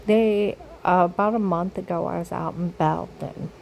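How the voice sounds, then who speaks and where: A woman's voice: fairly low pitch, fairly even intonation, normal speed, creaky, darkish tone, a little hiss or hum, rough recording. An older woman telling a rambling personal story straight to camera, circling back and repeating herself. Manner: repetitive storytelling. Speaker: vlogger.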